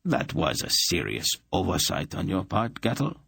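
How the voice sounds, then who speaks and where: A man's voice: sits low, wildly swooping pitch, moderate pace, vocal fry, a bit bright, slightly rough, no room sound, studio quality, heavily acted. A man voicing an urbane, cruel emperor in an audiobook, speaking with silky, polite menace.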